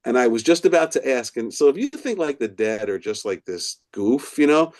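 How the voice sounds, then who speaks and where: Animated middle-aged man telling a story. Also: medium pitch, normal speed. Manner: animated storyteller who acts out quoted voices. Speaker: author and professor, podcast guest. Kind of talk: casual storytelling interview.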